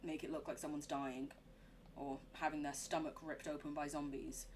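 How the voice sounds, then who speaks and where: A woman's voice: sits low, level tone, normal speed, a little hiss or hum. A young woman streaming a horror game, chatting in a giggly, rambling way. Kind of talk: live game commentary.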